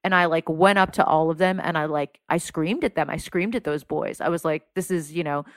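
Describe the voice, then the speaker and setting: A woman guest on a podcast, chatting casually and telling a story with lots of "like" and quick asides. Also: deep voice, dry recording, studio quality. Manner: animated storyteller, heavy use of "like". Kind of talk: casual chat.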